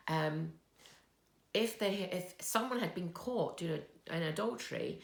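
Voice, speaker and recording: Slow, gravelly-voiced woman in an echoey church. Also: deep voice. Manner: slow, soft, storytelling with pauses. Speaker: children's talk leader. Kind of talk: gentle children's talk at church. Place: church hall.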